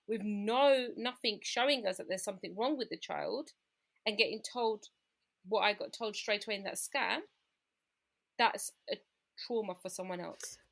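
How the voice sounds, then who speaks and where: A woman telling her own story in a candid, reflective conversation, growing quieter at the painful parts. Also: medium pitch, normal speed, vocal fry. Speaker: guest sharing her experience.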